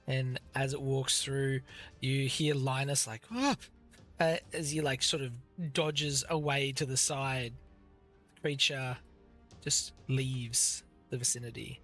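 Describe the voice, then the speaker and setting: Man, game master, bright tone, descriptive tabletop narration with light music behind. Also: mid-range voice, steady tone, slow pace. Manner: vivid, descriptive narration with many fillers.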